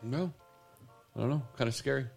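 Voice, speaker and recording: A man co-hosting a podcast, tossing in quick deadpan quips during casual chat. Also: medium pitch, creaky, soft background music.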